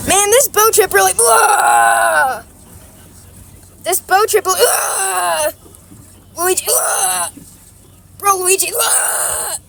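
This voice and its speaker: A woman voicing an excitable, complaining plumber hero in a plush toy skit, whiny and dramatic, often yelling. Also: very high-pitched, slow pace, gravelly, pauses often, exaggerated voice.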